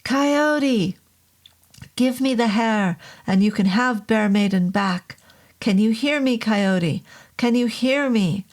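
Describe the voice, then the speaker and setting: A woman reading a horror story voices a desperate man shouting up at a demon, yelling in a strained, high voice. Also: slow pace. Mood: frantic shouting.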